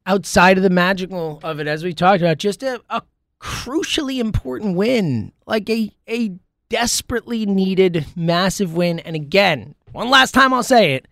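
A man hosting a sports talk show in a casual solo monologue, rambling and excitable, full of fillers and restarts. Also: high voice, normal speed, no echo, studio quality. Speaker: sports podcast host.

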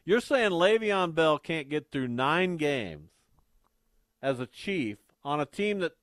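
Animated, needling sports radio host man. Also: a little high, slow pace, dry recording. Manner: needling, playful, jokey. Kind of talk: casual sports talk banter.

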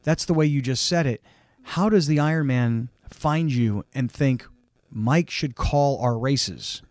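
A man hosting a podcast interview lays out his guest's story back to him before asking a pointed question. His pitch sits in the middle for a man. The recording is dry and close. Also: a little slow, darkish tone, no echo. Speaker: podcast host. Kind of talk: interview host.

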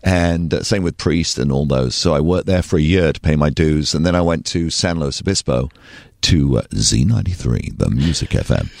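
Very deep-voiced English man telling stories. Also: moderate pace, vocal fry, no echo, studio quality. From England. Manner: animated anecdotal storyteller. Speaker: radio DJ guest. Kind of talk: podcast interview storytelling. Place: studio.

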